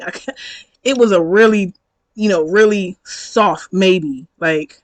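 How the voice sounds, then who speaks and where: A woman's voice: mid-range voice, takes it slowly, pauses often, no echo, poor audio. A woman in her thirties talking casually in a storytime vlog, chatty and slangy, acting out both sides of a conversation. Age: 30s. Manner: chatty, slangy, reenacts dialogue, laughs often. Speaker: vlogger.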